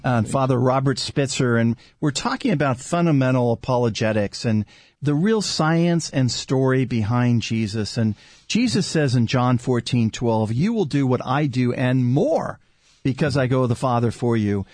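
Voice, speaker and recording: A man's voice: medium pitch, lively intonation, moderate pace, darkish tone, dry recording, studio quality. A man hosting a religious talk show, speaking exuberantly and exclamatorily to introduce his guest. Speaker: radio show host.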